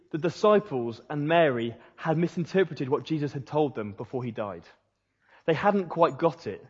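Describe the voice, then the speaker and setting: A preacher with a fairly high, husky voice tells his sermon like a story. His words ring out with a long reverb through a big hall, and the sound is a little dull, as if picked up from across the room. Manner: storytelling, animated, dropping to a hushed voice for emphasis.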